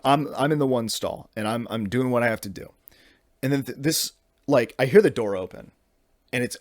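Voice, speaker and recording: This podcast host is a man in his twenties with a mid-range voice, recorded in studio quality with no room sound. His casual comedic monologue is a rambling, exasperated story packed with restarts and profanity.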